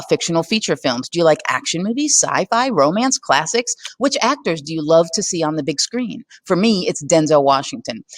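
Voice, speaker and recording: A woman's voice: low-pitched, dry recording. Conversational woman teaching a poetry lesson. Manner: conversational, asks the listener questions. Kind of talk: scripted lesson narration.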